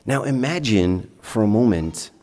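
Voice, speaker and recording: A man's voice: lowish voice, expressive, a little slow, darkish tone, long reverb tail. A man preaching a homily as a priest, chatting with the congregation through rhetorical questions and acted-out dialogue. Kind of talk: sermon. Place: church.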